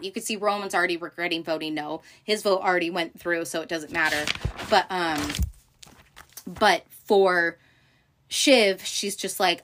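A woman hosting a casual recap, talking in an animated, profane way with many fillers and acted-out quotes. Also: on the low side, measured pace. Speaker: podcast host recapping a TV show. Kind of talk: casual chat.

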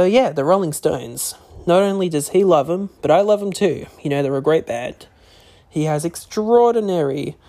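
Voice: medium pitch, dark tone. Rambling casual podcast host. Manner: rambling, full of "you know" and "uh" fillers. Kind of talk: casual solo podcast talk.

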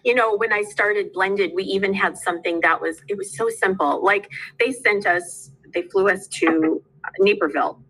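A woman's voice: mid-range voice, moderate pace, fairly bright tone, poor audio. A middle-aged woman teacher, telling stories from her classes in casual conversation. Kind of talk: casual chat.

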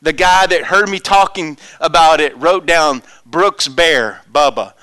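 A male pastor preaching a sermon, telling stories of the people he ministers to and dropping to whispers before rising to loud, high exclamations. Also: unhurried, dry recording.

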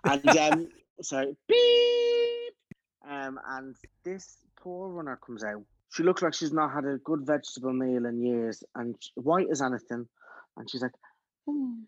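A man's voice: mid-range voice, moderate pace, no room sound. A man in his thirties, a musical theatre actor telling stories in a casual chat, acting out other people's voices. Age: 30s. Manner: animated storyteller, acts out voices. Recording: dull, dry close recording.

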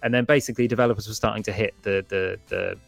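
A man talking casually on a podcast about video games, rambling with many fillers and restarts and breaking into animated impressions. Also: lowish voice, fast talker, creaky, no room sound, soft background music. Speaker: podcast guest, gaming expert.

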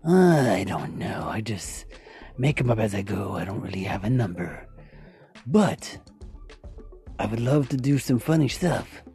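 Chill puerto rican guy leaving a voice message, bouncy swearing, warm mellow tone. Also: fairly low pitch, sing-song, measured pace, long pauses, soft background music. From Puerto Rico. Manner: laid-back, profane, bouncy. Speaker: voice actor and podcaster. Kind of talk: casual voice message.

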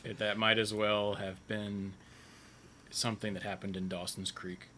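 A man's voice: lowish voice, little pitch movement, a little slow, pushed and bright, a little hiss or hum. A man in casual chat, making wry joking asides.

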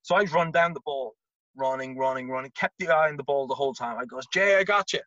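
A man with an Irish accent, a former college tennis player telling a story in a casual interview, animated and repeating words as he acts out quotes. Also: mid-range voice, fast, dry recording, dull audio. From Ireland.

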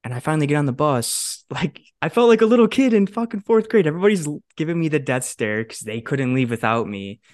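A young man in his twenties, co-hosting a podcast and telling a story in a casual, animated way, swearing often and acting out what others said. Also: a little high, fast talker, hardly any pauses, no room sound, studio quality. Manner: animated, swears a lot, acts out quotes. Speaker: podcast co-host.

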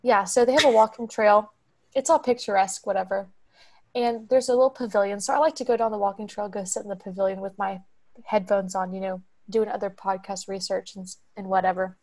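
A woman's voice: medium pitch, fairly even intonation, brisk, a little mellow. A young woman, telling a story on a podcast in a chatty way. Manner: chatty, acts out quoted voices. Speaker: podcast co-host.

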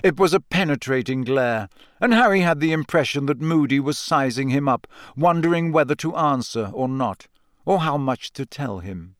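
An audiobook reader, male, narrates a novel from a script in a measured, even storytelling style. His voice sits in the mid range, and the clean studio recording carries no room sound.

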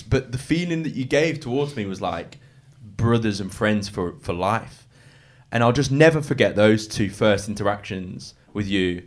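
Earnest man, fairly low-pitched, gushing guest in casual conversation. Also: expressive, normal speed. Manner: earnest, gushing, restarts often. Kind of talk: emotional casual chat.

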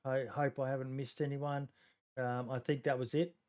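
A man's voice: medium pitch, level tone, moderate pace, a little mellow. A man with an Australian accent hosting a casual podcast chat, hesitant with lots of ums and joking. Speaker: podcast host.

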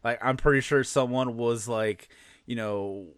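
A man's voice: medium pitch, fairly even intonation, measured pace, clean tone, no room sound, clean studio sound. A man in his late thirties with a Chicago accent, co-hosting a podcast in rambling casual chat, often stopping to restart and laugh. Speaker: podcast co-host.

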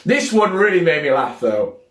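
A man hosting an online church talk, chatty and animated, with joking asides before a devotional message. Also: on the high side, moderate pace, roomy sound.

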